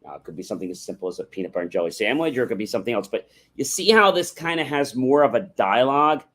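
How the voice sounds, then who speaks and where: A man's voice: medium pitch, expressive, rapid-fire, fairly bright tone. Man teaching on a livestream. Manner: instructive, contrasts yes-no questions with open ones; rhetorical, often adds "right?". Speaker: livestream host. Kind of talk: motivational livestream talk. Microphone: livestream microphone.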